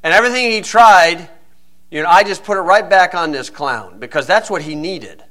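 A man's voice: high-pitched, moderate pace, fairly bright tone. A middle-aged man preaching a sermon, blunt and scornful, firing off rhetorical questions.

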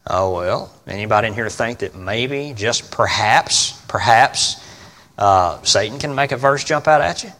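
A male pastor preaches in a folksy, emphatic voice and keeps putting questions to his congregation. His delivery swings from loud to quiet, and his voice sits at an ordinary middle pitch. A long reverb trails after him across a large hall. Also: expressive, normal speed, few pauses. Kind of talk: sermon.

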